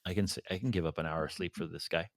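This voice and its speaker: Man, very low voice, podcast co-host, reflective and thinking aloud, dry close sound. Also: steady tone, racing, no echo. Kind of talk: casual reflective chat.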